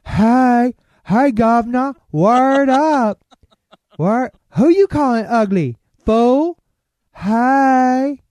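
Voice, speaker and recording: A man's voice: very high-pitched, animated, extremely slow, darkish tone, no room sound, voice pushed up, full character voice. A man putting on a broad cockney accent as a brash, chummy bloke for a comedy bit. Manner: exaggerated over-the-top impression.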